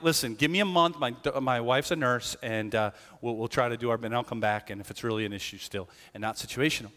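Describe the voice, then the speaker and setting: Middle-aged man, pastor, chatty storytelling sermon, regular pitch, long church-hall reverb. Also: sharp tone. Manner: conversational storytelling with asides to the congregation. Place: church sanctuary.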